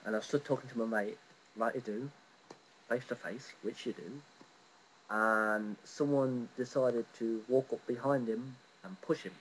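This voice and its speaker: A man's voice: mid-range voice, steady tone, a little slow, slightly rough, poor audio. A young man chatting casually at home, crude and teasing, telling a story with jokes. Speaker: vlogger. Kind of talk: casual chat. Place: front room at home.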